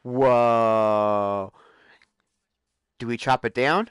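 Very high, lively excitable man. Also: a little slow, dry recording, clean studio sound. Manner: excitable, yelps and squeals at surprises. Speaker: live-stream host. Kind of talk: live gameplay commentary.

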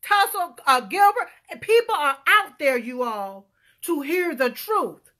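High, bright, fiery woman. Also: expressive, slow pace. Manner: loud, emphatic, calls out to viewers, punctuates with "huh?". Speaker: political vlogger. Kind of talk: fiery political rant.

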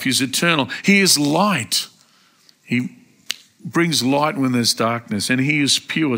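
An Australian man preaching a sermon in a church, emphatic and rising to loud exclamations, acting out quoted prayers. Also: medium pitch. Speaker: pastor. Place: church service.

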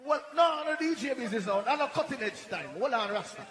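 A man with a Jamaican accent working as a sound system MC at a live dance, shouting and chanting hype calls to the crowd. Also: extremely high pitch, expressive, quick pace. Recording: echoey hall with loud music.

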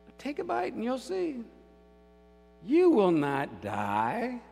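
A preacher voicing a crafty serpent that coaxes and persuades in a sly way. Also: male voice, extremely high pitch, wildly swooping pitch, slow, gravelly, darkish tone, husky, soft background music, voice pushed up, full character voice. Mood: coaxing. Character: crafty coaxing serpent in paradise. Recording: long church reverb.

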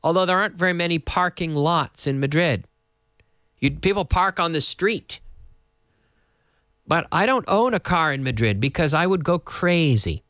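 A male English teacher in Madrid runs a casual online lesson for Spanish speakers, his pitch lively and the sound dry with no room echo. He speaks in a lively way, explaining slowly, repeating himself, and offering Spanish glosses.

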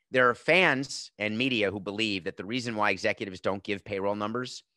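His voice sits on the low side, pushed and bright, at a moderate pace, captured in studio quality with no room sound. The man, in his fifties, hosts a sports podcast full of opinionated commentary and emphatic, sarcastic rhetorical questions.

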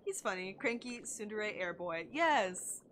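A woman's voice: medium pitch, expressive, unhurried, a bit bright, a little hiss or hum. A young woman chatting casually and gushing while she streams a video game, with lots of likes and oh my gods. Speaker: gaming streamer. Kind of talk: casual live-stream chat while playing.

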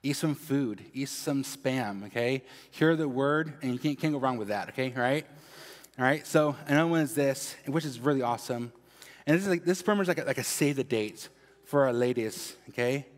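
A man's voice: mid-range voice, normal speed. Upbeat man giving church announcements. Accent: Mexican. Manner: upbeat, says "okay?" after nearly every phrase. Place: church sanctuary. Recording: long hall reverb.

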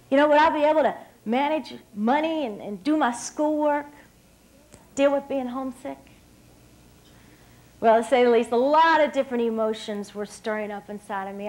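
A woman in her thirties from West Virginia, giving a lively motivational speech from a stage at an evening dinner and talking straight to the crowd. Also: high voice, poor audio. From West Virginia, USA. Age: 30s. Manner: lively storyteller, often laughing, addressing the crowd directly. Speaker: dinner speaker.

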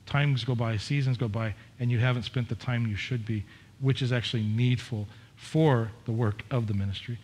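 A man's voice: medium pitch, steady tone, moderate pace, a little mellow, husky. Conversational middle-aged male pastor preaching. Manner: candid, conversational preaching with repetitions and restarts. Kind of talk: sermon.

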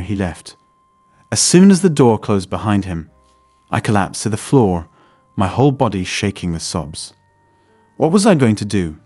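Male audiobook narrator with a lowish voice, dry close recording, soft music underneath. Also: no echo. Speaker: story narrator. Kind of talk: scripted first-person story narration.

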